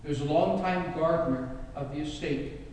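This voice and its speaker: A male preacher tells a sermon story with dramatic emphasis, his voice fairly high. The recording is distant and echoes heavily through a large hall with long reverb. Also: normal speed, darkish tone, slight background noise.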